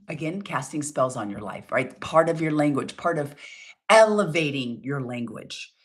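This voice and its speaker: Woman, middle-aged, motivational coaching talk, lively swooping pitch, lowish voice, emphatic. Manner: emphatic, coaching, rhetorical questions. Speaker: wellness coach.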